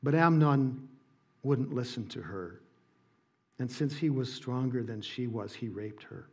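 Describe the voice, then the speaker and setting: A man preaching a sermon in church, earnest and emphatic, dropping soft on key points. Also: mid-range voice, a little slow, slightly rough. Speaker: pastor.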